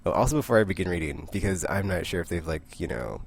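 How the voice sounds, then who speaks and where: A young man with a low voice and a gravelly edge talks through his weekly comic pile in a loose, rambling way. He keeps going off on tangents, laughs at himself, and jumps into quick voices for the characters. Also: sing-song. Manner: rambling, chatty, quick asides and little laughs. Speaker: comic book vlogger. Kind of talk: casual comic book review.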